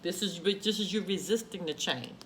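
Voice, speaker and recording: A woman's voice: fairly low pitch, moderate pace, slight background noise. A woman reading tarot cards for her viewers, emphatic and repetitive, with frequent exclamations. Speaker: tarot reader. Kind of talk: spoken tarot card reading.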